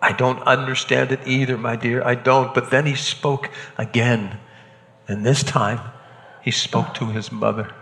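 A man acting a hardened Roman centurion shaken by an execution, talking haltingly and repeating words, in a church drama. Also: mid-range voice, steady tone, fairly bright tone, long reverb tail. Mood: grave, shaken.

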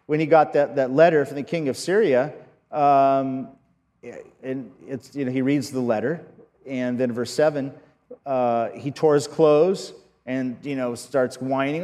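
A man preaching a sermon as pastor, earnest and halting, often restarting his sentences. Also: mid-range voice, steady tone, darkish tone, big-room sound.

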